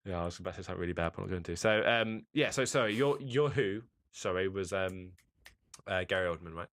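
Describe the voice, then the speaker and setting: A man's voice: deep voice, fast talker, fairly bright tone. A young man co-hosting a casual podcast, rambling and joking, slipping into film scenes. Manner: rambling, jokey, acts out film scenes in put-on voices. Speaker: podcast co-host. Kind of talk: casual chat.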